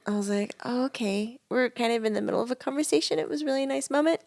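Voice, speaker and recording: A woman's voice: fairly high pitch, fast, vocal fry, a little mellow. A woman co-hosting a casual podcast, telling stories animatedly and laughing often. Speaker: podcast co-host and medium. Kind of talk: casual chat.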